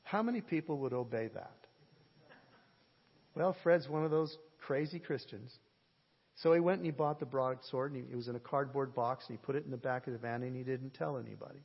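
A man preaching a sermon, telling a story in an animated way, with a husky voice. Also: mid-range voice, a little fast. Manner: animated, jokes and shouts at peaks. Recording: lo-fi sermon audio with long hall reverb.

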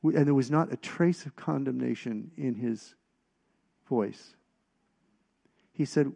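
Brief: middle-aged male preacher, gravelly testimony voice, loose and storytelling. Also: mid-range voice, warm tone. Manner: storytelling, halting restarts, rises in volume at punchlines. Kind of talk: personal testimony sermon.

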